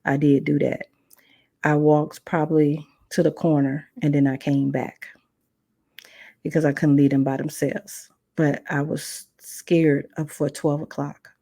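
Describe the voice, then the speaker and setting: Woman host telling her own story, earnest and chatty, kinda gravelly voice, dry sound. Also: low voice, little pitch movement, measured pace, dark tone, no echo. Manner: earnest, conversational, retelling with quoted dialogue. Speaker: podcast host. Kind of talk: personal testimony storytelling.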